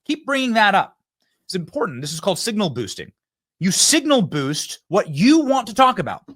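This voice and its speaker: A man delivering a political monologue as the host of his own show, his voice sitting a little high for a man. He swings his pitch widely as he repeats his points and acts out lines from an imagined debate. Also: big pitch swings, normal speed, a bit bright.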